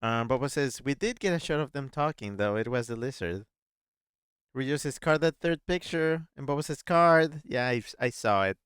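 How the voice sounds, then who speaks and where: Smooth-voiced, chatty male game streamer. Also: medium pitch, lively intonation, normal speed, no room sound, clean studio sound. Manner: chatty, playful, thinks out loud. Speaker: gaming streamer, host. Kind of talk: casual let's-play commentary, reading chat aloud.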